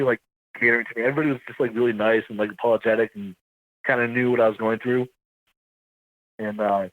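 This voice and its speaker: Man, veteran guest, halting rambling telling, thin phone-line sound, dry. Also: medium pitch, no room sound. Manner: rambling, halting, self-correcting. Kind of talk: casual storytelling interview.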